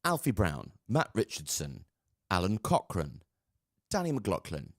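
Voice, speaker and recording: A man's voice: low voice, wildly swooping pitch, unhurried, no room sound. A man who co-hosts a podcast and does comedy, teasing his co-host with dry banter during a race. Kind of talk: casual chat over a live race.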